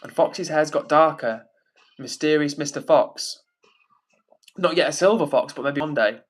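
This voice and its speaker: A man's voice: fairly high pitch, moderate pace. A young man hosting a livestream, reading viewer comments aloud and answering in a rambling, chatty way with many fillers. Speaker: livestream host reading chat. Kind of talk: casual live chat.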